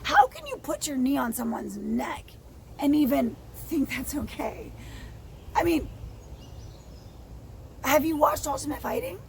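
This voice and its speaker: A woman vlogger in an angry personal rant, her voice hoarse and froggy and out of breath, blunt and swearing, dropping to whispers and rising to shouts. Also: high voice, very animated, measured pace, pauses often, a little hiss or hum, rough recording. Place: outdoors in sunlight.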